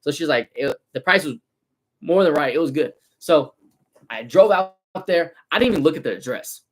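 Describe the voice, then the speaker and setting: A man in his twenties from the San Francisco Bay Area. He runs a car detailing business and talks through a casual livestream in loose, slangy, animated street talk. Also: a little high, normal speed, husky.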